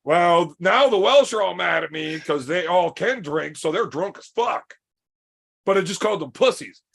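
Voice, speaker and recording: A man from Canada spins rowdy, foul-mouthed stories on a casual podcast. His voice sits a little high, and it comes out gravelly and husky. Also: expressive, moderate pace, a bit bright. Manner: profane, boisterous, rambling anecdotes. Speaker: podcast co-host, arm wrestler.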